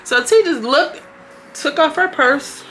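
Animated, bright-voiced young woman recapping. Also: high-pitched, takes it slowly, faint music behind. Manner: animated and slangy, acting out quotes in character voices. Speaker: reality TV reviewer. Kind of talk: casual recap commentary.

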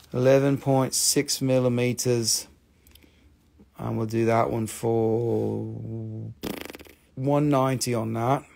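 Gravelly, chatty man selling crystals. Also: mid-range voice, a little mellow. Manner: chatty, profane and joking. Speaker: host selling crystals on a live stream. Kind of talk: casual live-stream sales patter.

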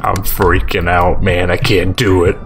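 A man's voice: deep voice, little pitch movement, measured pace, music in the background. A man casually commenting as he plays a horror game, muttering exasperated reactions. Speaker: gamer playing a horror game. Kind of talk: casual let's-play commentary.

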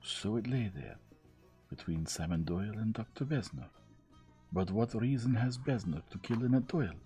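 Male reader as a fussy older detective, exacting and methodical, warm low voice with lively swings. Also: soft background music, close to an everyday voice. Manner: measured, explaining step by step.

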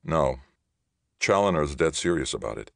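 A man reading a calm young soldier. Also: a bass voice, moderate pace, creaky, dry recording, studio quality, heavily acted. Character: young male soldier, calm and matter-of-fact. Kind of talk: audiobook reading.

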